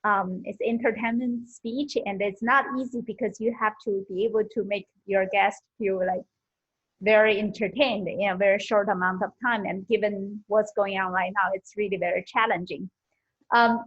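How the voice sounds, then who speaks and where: Woman, friendly speech evaluator, fillers, husky, muffled call audio. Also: medium pitch. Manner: friendly, halting, many fillers. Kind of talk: online club meeting evaluation. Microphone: video call. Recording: dull lo-fi video call audio.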